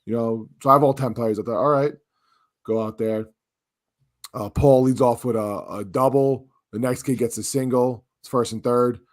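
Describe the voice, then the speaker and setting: A man's voice: mid-range voice, moderate pace. A man on a podcast telling a long story in casual chat, acting out what people said and often restarting his sentences. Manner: animated, acts out quotes, restarts often. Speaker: podcast co-host.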